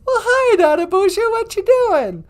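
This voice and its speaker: A woman's voice: very high voice, sing-song, moderate pace, darkish tone. A woman co-hosting a podcast in bubbly, playful casual chat, laughing often. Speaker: podcast co-host.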